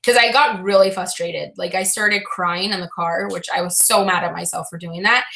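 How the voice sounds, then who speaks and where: A young woman chatting casually to her live-stream viewers, rambling and frank with many fillers and restarts, sounding low and frustrated. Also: fairly even intonation, normal speed, creaky, bright, forceful tone. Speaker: reseller vlogger answering live chat.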